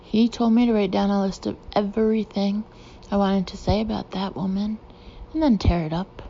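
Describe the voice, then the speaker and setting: A woman's voice: mid-range voice, steady tone, moderate pace, gravelly, mellow, dull audio, a little hiss or hum, lightly acted. A woman reading the part of a chatty, self-mocking divorced woman. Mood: wry.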